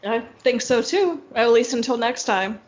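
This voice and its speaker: A woman co-hosting a podcast, upbeat and quick to laugh in casual chat. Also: on the high side, lively intonation, lo-fi sound. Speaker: podcast co-host.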